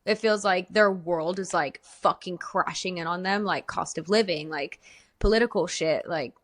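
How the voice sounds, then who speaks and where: A woman's voice: lowish voice, moderate pace, a bit bright. A woman around thirty co-hosting a podcast, asking long, rambling questions with lots of 'like' and casual swearing. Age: late 20s to early 30s. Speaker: podcast co-host.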